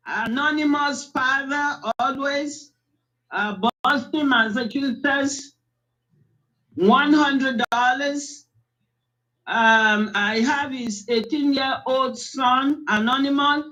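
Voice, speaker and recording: Slow, high-voiced woman reading donations. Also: pushed and bright, low-quality recording. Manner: measured, hesitant with fillers. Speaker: donation announcer. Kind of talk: reading out a donor list.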